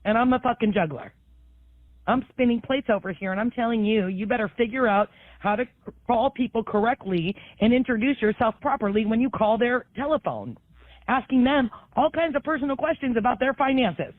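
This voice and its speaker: A woman's voice: fairly high pitch, animated, fairly quick, no echo. A woman on a recorded phone call, angrily confronting a caller and swearing as a homeowner. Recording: tinny phone line.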